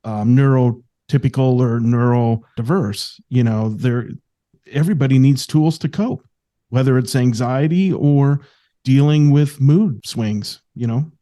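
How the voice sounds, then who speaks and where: A man hosting an interview show, responding to his guest calmly and supportively. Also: mid-range voice, measured pace. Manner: calm, supportive, reflective. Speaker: podcast host. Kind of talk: casual interview talk.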